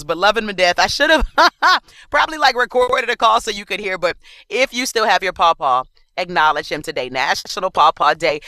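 A man's voice: sits high, animated, brisk, sharp tone, dry recording. A man working as a radio DJ, chatting in an upbeat, jokey way between songs on a studio microphone. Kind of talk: radio DJ patter.

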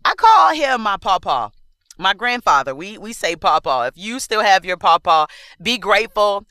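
A man's voice: high voice, very animated, normal speed, bright, forceful tone, no room sound. A man working as a radio DJ, chatting in an upbeat, jokey way between songs on a studio microphone. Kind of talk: radio DJ patter.

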